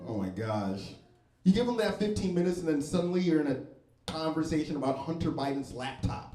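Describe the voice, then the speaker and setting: Guy doing standup, super proper enunciation, deadpan, echoey club. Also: on the high side, brisk. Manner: deadpan, very proper diction, wry. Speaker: stand-up comedian. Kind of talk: stand-up set. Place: comedy club stage.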